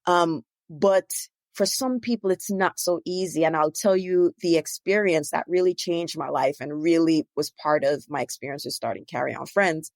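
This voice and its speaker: A woman's voice: low-pitched, moderate pace, few pauses, no room sound. A woman hosting a podcast, talking in a chatty way with many asides. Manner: chatty, frequent "you know" and "right?". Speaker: podcast host. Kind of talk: casual podcast conversation.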